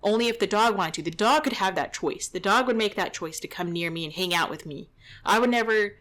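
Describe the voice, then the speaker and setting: A woman's voice: fairly low pitch, a bit bright. A young adult woman, a dog trainer, giving indignant, exasperated running commentary over a training video.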